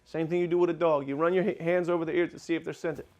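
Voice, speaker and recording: A man explains things with insistent, lecturing emphasis, acting out little scenes as he goes. His voice sits fairly high for a man. The delivery is casual podcast chat. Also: steady tone, rapid-fire, a little mellow, lo-fi sound. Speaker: podcast co-host, dog breeder.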